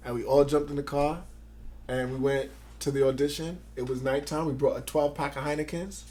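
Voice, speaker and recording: A man in his forties from Grenada, telling his life story as an interview guest, loud and excited, acting out what others said. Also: mid-range voice, fairly quick. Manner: animated, acts out quotes, loud and excited.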